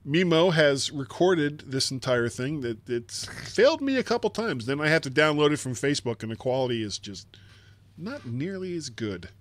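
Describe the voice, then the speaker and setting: A man's voice: a little high, very animated, moderate pace. A man hosting a casual tech podcast, chatty and self-deprecating, laughing often. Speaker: podcast host. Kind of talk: casual chat.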